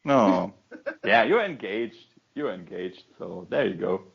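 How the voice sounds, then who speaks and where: Male co-host, gravelly, teasing jokester, muffled lo-fi podcast sound. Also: fairly low pitch, expressive, slow pace. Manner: jokey, teasing. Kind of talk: casual podcast chat. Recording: dull lo-fi podcast audio.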